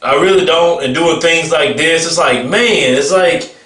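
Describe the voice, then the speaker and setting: Guy ranting on his vlog, high voice, mocking n blunt, kinda far from the mic. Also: measured pace, a bit bright, echoey room. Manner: mocking, laughing between blunt remarks. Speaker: vlogger. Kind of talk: casual commentary rant.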